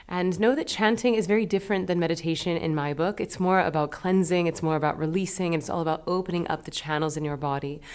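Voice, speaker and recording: A woman teaching a meditation lesson, talking in a gentle, soothing, unhurried way. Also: deep voice, clear, resonant tone.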